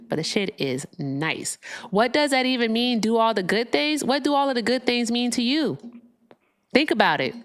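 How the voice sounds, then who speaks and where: A woman's voice: medium pitch, fairly bright tone. A woman hosting a political call-in livestream, chatting casually, swearing freely and gushing thanks to her viewers. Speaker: livestream host.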